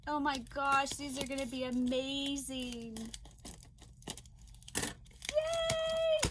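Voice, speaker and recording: A woman crochet vlogger chatting casually to viewers as she opens parcels, gushing and excitable with frequent gasps. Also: high-pitched, unhurried, heavy background noise. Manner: gushing and excitable, gasping often. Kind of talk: casual unboxing chat to viewers.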